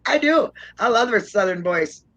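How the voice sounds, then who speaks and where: A woman with a naturally low voice that she lifts up as she talks. She chats and jokes through a live online support discussion, laughing often. Her pitch swings widely from one phrase to the next. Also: expressive, normal speed, fairly bright tone, lo-fi sound. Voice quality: naturally low voice, pushed up when talking. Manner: laughs often, chatty and joking. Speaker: co-host of an online support talk. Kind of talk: casual live-stream chat.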